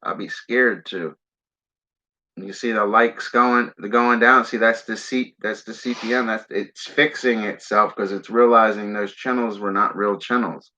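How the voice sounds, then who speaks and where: Rambling streamer man, bright and edgy. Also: fairly low pitch, fairly even intonation, a little slow. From Philadelphia area, US. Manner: rambling, keeps saying "man"; smokes while talking. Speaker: livestream host. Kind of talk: casual livestream chat. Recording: dull lo-fi stream audio.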